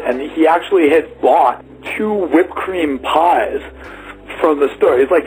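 A man's voice: on the high side, normal speed, darkish tone, faint music behind, poor audio. A man telling a personal story in a casual, rambling way, full of fillers and acted-out quotes. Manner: rambling, many "like"s, acts out quotes.

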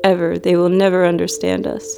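A frail, bird-like drifter woman with a raspy, screechy voice and a fierce streak, acted by a woman narrator. Her voice stays low and gravelly with a flat contour. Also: a little fast, music in the background. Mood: defiant.

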